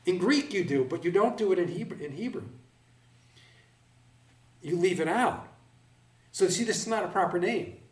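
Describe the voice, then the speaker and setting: A man with a high-sitting, animated voice teaches a Bible class to a live audience, deliberately explaining the meaning of words one at a time. The recording is roomy and made from a distance.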